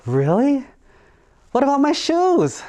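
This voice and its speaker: A man voicing a big vain male bear who is desperate to be liked, in a pleading, excited way. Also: extremely high pitch, slow pace, pitched above the performer's own voice, full character voice. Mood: eager.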